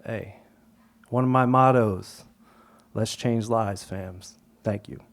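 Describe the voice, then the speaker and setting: A young adult man tells a true story to a live audience. He acts out the quotes and shifts his voice, at times falling to a hush. His tone is relaxed and conversational. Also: fairly low pitch, slow pace. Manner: animated, acts out quotes, drops to whispers. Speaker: storyteller on stage.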